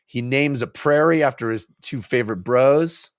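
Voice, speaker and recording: A man co-hosting a casual book club podcast, eagerly retelling scenes and dropping into quick put-on voices. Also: medium pitch, dry recording, clean studio sound. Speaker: podcast co-host.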